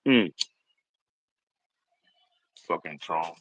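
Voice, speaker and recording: A man's voice: sits low, measured pace, pushed and bright, dry recording, dull audio. A man hosting a casual livestream from home, rambling, swearing and mocking trolls in chat. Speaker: livestream host.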